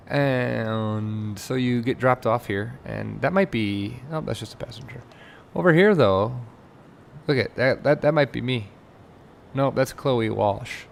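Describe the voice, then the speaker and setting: A man's voice: fairly low pitch, gravelly, a little hiss or hum. A man giving rambling, casual commentary while playing a game, and he gets exasperated when things go wrong. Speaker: let's play host.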